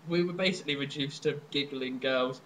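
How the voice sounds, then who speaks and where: Excitable young Englishman, bright voice. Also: mid-range voice, brisk, slight background noise, rough recording. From southern England. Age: young adult. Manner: excitable, jokey, bursts into loud laughing shouts. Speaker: podcast co-host. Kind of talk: casual chat.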